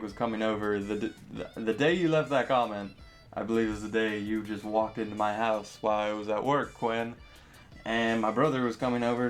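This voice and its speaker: A young man with a fairly low pitch casually answers viewer questions in a vlog. He rambles, filling his speech with fillers and self-deprecating asides.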